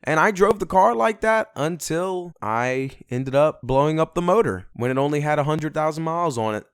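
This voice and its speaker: A young man telling a story on a casual vlog, animated and swearing a lot. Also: on the high side, moderate pace, smooth, no room sound, studio quality. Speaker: vlogger.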